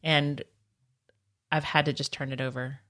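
A woman with a Southern accent co-hosting a casual faith chat, talking in an earnest, reflective, halting way. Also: extremely low pitch, little pitch movement, fairly bright tone. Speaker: podcast co-host.

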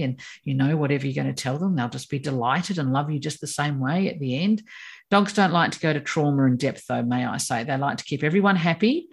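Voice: mid-range voice, a little fast, gravelly, husky. A course teacher explaining ideas in an emphatic conversational way, acting out quoted voices. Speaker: course teacher on personality animals.

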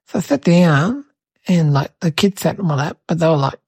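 A woman doing gravelly little boy Jimmy. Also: sits low, animated, normal speed, a little mellow, dry recording, full character voice. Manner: rambling, chatty, full of "like" and "right?". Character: cheeky little boy telling a silly tale. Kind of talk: storytelling to camera.

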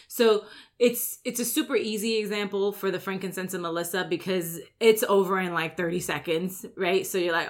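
Her voice is medium in pitch with fairly even intonation as she, a gym owner and coach, delivers a laid-back pep talk. She chats freely, sprinkles in "like" and "right?", and plays out everyday complaints in quick little asides.

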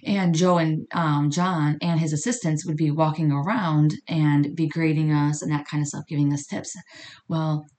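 A woman's voice: deep voice, moderate pace. A woman hosting a podcast, telling a personal story in a casual, chatty way and acting out the dialogue. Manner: chatty, animated, acts out quoted dialogue. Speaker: podcast host.

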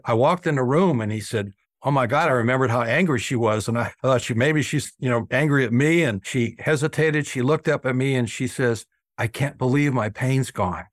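A man's voice: medium pitch, no room sound, clean studio sound. An older man, an oral surgeon, earnestly telling patient stories in an interview. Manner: earnest, acts out patient quotes. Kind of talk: storytelling interview talk.

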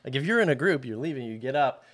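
A man's voice: medium pitch, fast talker. A man chats easily on a podcast in a mid-range voice. His talk is loose and rambling, with many small fillers. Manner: relaxed, loose, full of "like" fillers. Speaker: podcast co-host. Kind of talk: casual podcast chat.

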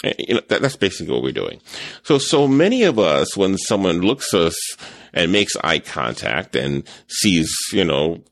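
A man's voice: deep voice, normal speed, slight background noise. A man hosting a podcast, talking casually and rambling with restarts and stutters, sometimes acting out what others said. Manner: animated, acts out quoted voices. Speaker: podcast host and photography teacher.

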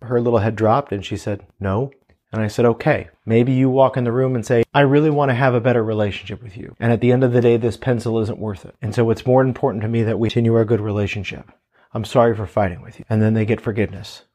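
A man's voice: mid-range voice, steady tone, fast talker, dark tone. Earnest father giving parenting advice. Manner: earnest, storytelling with quoted dialogue. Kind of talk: casual advice talk.

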